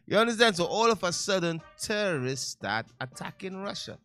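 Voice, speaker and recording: A male radio host gives casual commentary in a loud, heated, preachy way, full of slangy asides to his listeners. His voice is bright and sits a little high for a man, with faint music behind him. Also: very animated, normal speed, few pauses, no echo.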